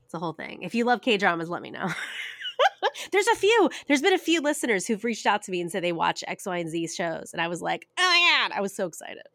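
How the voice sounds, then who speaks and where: A woman's voice: fairly low pitch, lively intonation, fast. A woman co-hosting a podcast in casual chat, bubbly and laughing often. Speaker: podcast co-host.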